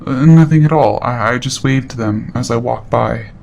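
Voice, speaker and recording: A man's voice: mid-range voice, normal speed, vocal fry, darkish tone, lightly acted. A man voicing a nervous, shifty young man who stammers and pleads as he lies.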